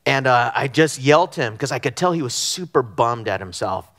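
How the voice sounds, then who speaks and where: A middle-aged man from Southern California preaching a conversational sermon, telling animated stories with frequent ums and restarts. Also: mid-range voice, a little fast. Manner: animated storytelling with frequent fillers. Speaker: pastor. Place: church sanctuary.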